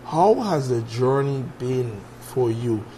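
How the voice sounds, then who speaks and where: A man's voice: mid-range voice, lively intonation, slow pace, warm tone, a little hiss or hum. A man hosting a morning talk show, greeting viewers in an upbeat way before interviewing a guest.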